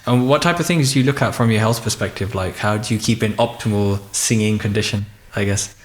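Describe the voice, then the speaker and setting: A man hosting a podcast interview, relaxed, with frequent short acknowledgements. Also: lowish voice, brisk. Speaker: podcast host. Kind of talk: conversational interview.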